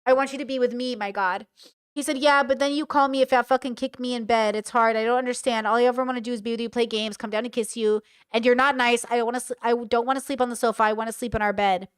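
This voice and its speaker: Woman streamer, slightly high, smooth voice, dry close mic, blunt reactions. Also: fairly even intonation, quick pace, no room sound. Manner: reads out text messages, reacts bluntly. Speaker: commentary streamer. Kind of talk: casual reaction commentary.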